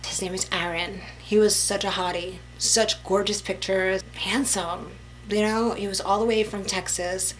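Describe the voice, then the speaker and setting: A woman telling a personal story to camera in a casual storytime vlog, chatty and animated, full of "like" and "you know". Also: mid-range voice, measured pace, a little hiss or hum, poor audio. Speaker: vlogger.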